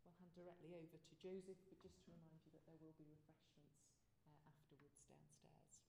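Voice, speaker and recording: Female seminar chair, hesitant introduction, low mellow voice, echoey room, faint background ambience. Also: steady tone, fairly quick, gravelly, noisy background. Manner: hesitant, with fillers and restarts, lightly amused. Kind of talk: formal introduction.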